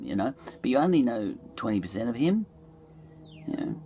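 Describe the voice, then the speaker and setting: A man's voice: mid-range voice, lively intonation, fast, a little mellow, a little hiss or hum. A middle-aged Australian man musing aloud in a loose, digressive monologue, full of fillers and restarts. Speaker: podcast host. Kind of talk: rambling reflective monologue.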